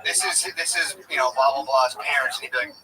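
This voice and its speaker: A man's voice: mid-range voice, fairly even intonation, fast talker, distant mic, heavy background noise. A man in his thirties telling crude stories in casual chat, laughing often. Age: 30s.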